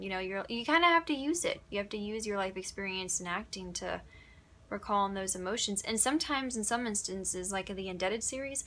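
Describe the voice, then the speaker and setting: A woman narrator from Upstate New York talks through her craft in a relaxed question-and-answer style. Her voice is bright and forward, with a pitch that sits in the middle range. She speaks in a lively, chatty way and laughs easily. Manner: chatty, animated, laughs often. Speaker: audiobook narrator. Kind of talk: casual Q&A answers. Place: home closet used as a booth.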